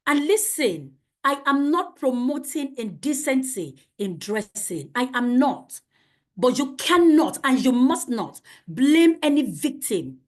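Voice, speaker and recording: Lady running a teacher training online, high voice, really animated, keeps asking the room questions. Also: unhurried. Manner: emphatic, rhetorical questions, animated. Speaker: safeguarding trainer.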